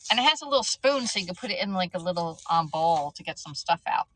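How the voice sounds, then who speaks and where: A woman's voice: fairly low pitch, expressive, fast, a little hiss or hum, poor audio. A middle-aged woman chatting casually on a live stream, laughing at herself and stumbling over words. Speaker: livestream host.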